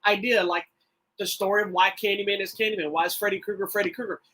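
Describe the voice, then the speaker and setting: A middle-aged man co-hosting a podcast, telling stories in a rambling, animated way with frequent restarts. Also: high voice, fast talker, rough recording. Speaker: podcast co-host. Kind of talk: casual chat.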